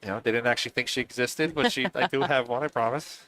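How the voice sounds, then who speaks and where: A man's voice: mid-range voice, quick pace, poor audio. A man with a Philadelphia accent commentating a pool match, friendly and easygoing in his chatter. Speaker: sports commentator. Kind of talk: casual commentary banter.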